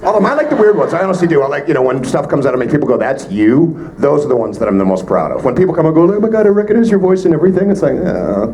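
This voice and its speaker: A Canadian voice actor answering fan questions at a convention panel, joking with quick asides. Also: male voice, a little high, sing-song, warm tone, low-quality recording. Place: convention panel room with audience. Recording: live room with crowd noise.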